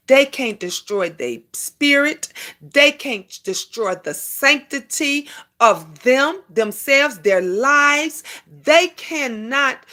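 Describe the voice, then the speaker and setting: Woman live-stream host, high bright voice, preachy and emphatic, thanks chatters by name. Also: animated, slow pace. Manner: preachy, addresses viewers and chat by name; emphatic repetitions, calls listeners honey. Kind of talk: casual live-stream talk.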